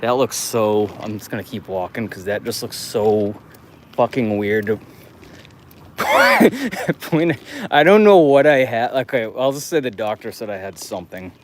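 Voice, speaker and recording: An American man on the low side of pitch speaks at a normal speed with a darkish tone, a little hiss or hum in the background. Live streaming a night walk through the city, he chats loosely, rambling, with lots of laughter and swearing.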